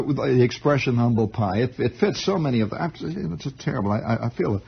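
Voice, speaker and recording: Heard on a muffled 1960s radio broadcast, a male host with a creaky, husky mid-range voice talks a little fast. He tells a meandering, animated story in monologue, repeatedly interrupting himself and stammering as he restarts.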